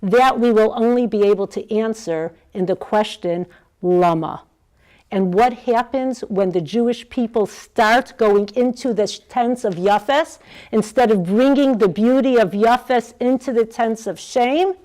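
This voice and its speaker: A woman's voice: fairly high pitch, a little slow, darkish tone, low-quality recording. A woman giving a Torah lecture to a class, asking the room questions and weaving in Hebrew terms. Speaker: Torah teacher.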